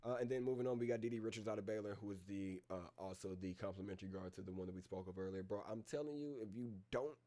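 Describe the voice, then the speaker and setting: A man's voice: lowish voice, mellow. A man hosting a casual live-stream reaction, talking in a slangy, rambling way and calling his listeners bro. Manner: reads down a list of names with filler pauses.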